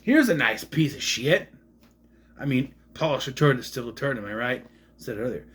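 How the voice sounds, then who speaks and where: A man's voice: medium pitch, sing-song, normal speed, fairly bright tone, a little hiss or hum. A man casually showing off his film collection on camera, rambling, joking and swearing now and then. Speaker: collection vlogger. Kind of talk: casual show-and-tell chat.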